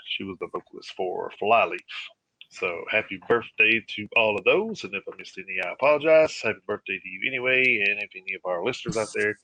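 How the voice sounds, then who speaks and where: Halting, bright-toned radio co-host man. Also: lowish voice, rough recording. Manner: halting, filler-heavy reading of lists. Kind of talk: casual live radio chat.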